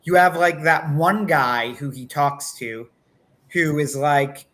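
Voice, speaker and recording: A man co-hosting a casual livestream talk, animated, acting out quotes between many fillers. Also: fairly high pitch, slow. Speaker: podcast co-host.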